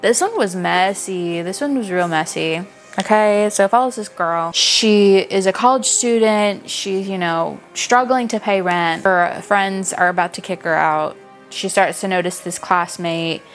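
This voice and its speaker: A young woman reviewing books in a casual, animated chat, gushing and swearing freely. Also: mid-range voice, a little slow, soft background music. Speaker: book reviewer.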